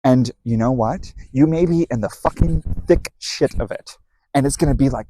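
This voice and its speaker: A man's voice: mid-range voice, moderate pace, mellow, a little hiss or hum, rough recording. A man giving a heated, blunt, profanity-laced motivational talk about emotional processing. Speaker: self-help speaker. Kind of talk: motivational monologue.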